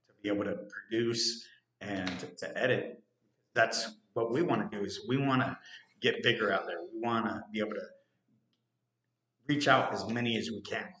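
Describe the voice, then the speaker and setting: A man's voice: fairly low pitch, normal speed, a bit bright. A man co-hosting a podcast in casual chat, rambling and joking with many fillers. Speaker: podcast co-host. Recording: roomy echo.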